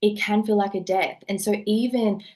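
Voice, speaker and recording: A woman's voice: mid-range voice, fairly even intonation, normal speed, a little mellow. A woman neuropsychologist and coach, a podcast guest, speaking earnestly and repeating phrases for emphasis. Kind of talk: podcast conversation.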